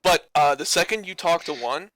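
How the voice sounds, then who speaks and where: Young male game master, bright and dry, loose improvised narration. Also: a little high, animated, moderate pace, no echo. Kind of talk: running a tabletop game.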